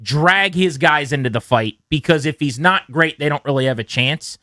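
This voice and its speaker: A man hosting sports talk radio, his voice sitting a little high. He sounds dry and close in the studio as he works through his analysis with easy, conversational digging. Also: moderate pace, bright, forceful tone, dry recording. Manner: conversational, analytical, drills into points.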